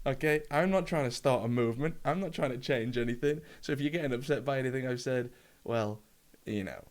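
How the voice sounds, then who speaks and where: A man's voice: mid-range voice, a little fast. A man talks to a camera alone in his room, ranting with no script. His delivery rambles and stumbles over fillers, and he swears freely as he goes. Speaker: gaming YouTuber. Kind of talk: unscripted rant to camera.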